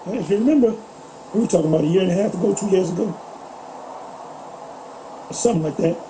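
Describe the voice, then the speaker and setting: Dark-voiced rambling co-host. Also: medium pitch, fast talker, a little hiss or hum, rough recording. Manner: rambling, profane, fumbles for words. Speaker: podcast co-host. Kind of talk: casual political talk.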